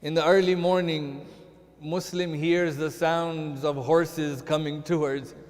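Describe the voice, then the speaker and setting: A man's voice: on the high side, flat delivery, a little slow, darkish tone. A man giving a sermon as a sheikh, telling a mournful story and rising into chanted lament. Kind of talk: sermon narration. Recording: long hall reverb.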